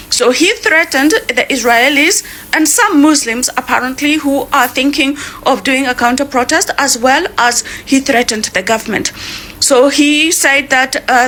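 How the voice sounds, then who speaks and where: A woman's voice: high voice, sharp tone, slight background noise. A woman recounting claims matter-of-factly as a commentator. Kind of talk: reporting commentary.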